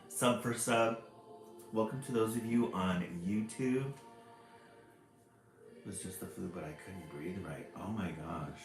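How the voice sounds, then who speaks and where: A man's voice: medium pitch, fairly bright tone. A man hosting a casual livestream, greeting viewers by name in a cheery voice that jumps up when he says hello. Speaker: livestream host. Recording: roomy echo with faint music behind.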